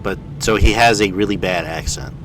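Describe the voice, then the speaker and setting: A man's voice: lowish voice, normal speed, background noise. A man streaming a video game, chatting casually with easygoing, wry, self-deprecating jokes. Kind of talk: casual let's-play chat.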